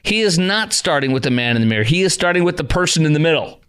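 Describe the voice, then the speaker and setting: A man's voice: fairly high pitch, lively intonation, fast, fairly bright tone, clear, resonant tone. A middle-aged man hosting a call-in talk radio show, sarcastic and exasperated, scoffing at what he reads out.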